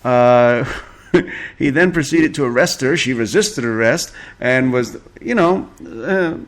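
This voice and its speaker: A man's voice: mid-range voice, animated, slow pace. Male podcast host, casual gossip commentary, sarcastic, swears freely, chuckles a lot. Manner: sarcastic, profane, chuckling often.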